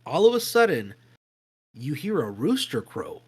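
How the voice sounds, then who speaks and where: A man co-hosting a podcast, telling a spooky story in a casual, animated way, swearing freely and acting out voices and sounds. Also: on the high side, measured pace, slightly rough, rough recording. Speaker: podcast co-host.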